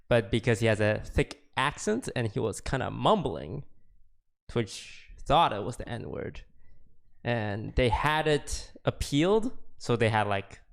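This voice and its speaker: Man, host, gravelly voice, casual group chat, moves the talk along. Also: medium pitch. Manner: moderates topics, asks questions. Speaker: podcast host.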